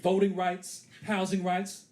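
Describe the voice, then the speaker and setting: A man's voice: sits high, completely flat delivery, slow, a little mellow. A man in his thirties doing stand-up comedy on a theater stage, acting out characters with big voice swings. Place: comedy theater stage before a live audience. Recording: live club recording with audience laughter.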